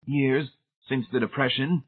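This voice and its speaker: A man voicing a booming, authoritative godlike giant who is a blunt party zealot. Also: fairly even intonation, measured pace, husky. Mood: gruff. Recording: tinny phone-like sound.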